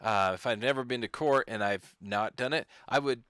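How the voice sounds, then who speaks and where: A man co-hosting a comedy podcast, talking in a halting way with many restarts. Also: medium pitch, a bit bright, smooth, no echo, clean studio sound. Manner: halting, hesitant, full of restarts. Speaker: podcast co-host. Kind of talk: casual comedy chat.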